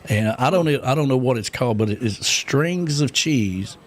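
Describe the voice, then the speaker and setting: A man's voice: mid-range voice, animated, moderate pace. A man, co-hosting a casual radio show and telling rambling stories full of fillers. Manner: rambling storyteller, many fillers and laughs. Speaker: radio co-host.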